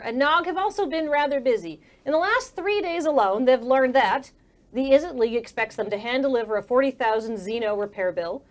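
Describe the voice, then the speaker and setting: Wry woman game master narrating. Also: fairly high pitch.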